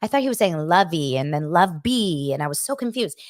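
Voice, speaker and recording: A woman hosting a podcast, chatting in a gossipy, animated way as she recaps a reality show. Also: lowish voice, fairly quick, no echo, studio quality. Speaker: podcast host.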